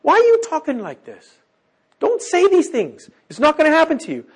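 A man doing a high, pleading anxious disciple. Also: wildly swooping pitch, moderate pace, full character voice. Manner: urgent, protesting.

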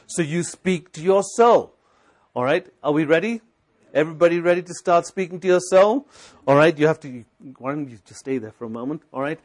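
A male preacher with a fairly high, darkish voice, a little above the usual male range, delivers a sermon. He exhorts the room, hammering his points through repetition and constant rhetorical questions, and recites scripture along the way.

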